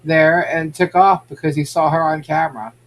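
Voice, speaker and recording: A man's voice: fairly high pitch, fairly even intonation, moderate pace. A man hosting a casual podcast, chatting and reacting to viewer comments. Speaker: podcast host. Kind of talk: casual gossip chat.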